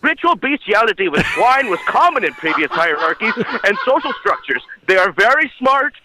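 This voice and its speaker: A man's voice: high-pitched, very animated, normal speed, noisy background. A man calling in by phone and doing an impression of a pompous, self-important lecturing professor. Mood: ranting. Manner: mock-solemn lecturing, then shouting rants. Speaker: call-in caller. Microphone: phone call-in.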